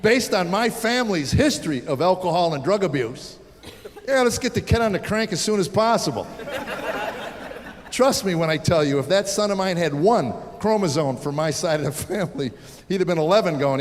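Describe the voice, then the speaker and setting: A man's voice: high-pitched, animated, normal speed. A man in his sixties doing a stand-up comedy set, telling wry stories and acting out voices. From United States. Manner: wry storytelling with acted-out voices. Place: theater stage before a live audience. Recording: live hall with audience laughter.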